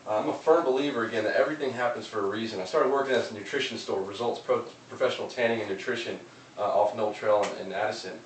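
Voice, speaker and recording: A man's voice: on the low side, fast talker. An earnest man delivers a casual motivational monologue, stumbling over repeated words as he goes. The mic sits some distance off in a roomy space. A faint noise hums behind him. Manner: earnest, loose, with many repeated restarts. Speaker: vlogger giving motivational talk.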